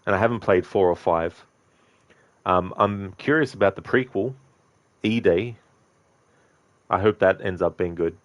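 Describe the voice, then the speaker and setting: A man's voice: sits low, unhurried, long pauses, no room sound, dull audio. A man streaming a game, rambling casually to his viewers, answering them and swearing freely. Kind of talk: casual live-stream chat.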